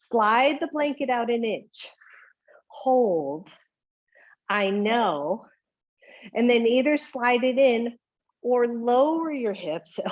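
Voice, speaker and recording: A woman's voice: on the high side, dull audio. A woman teaching a home yoga class, giving encouraging cues with a chatty manner and frequent light laughs.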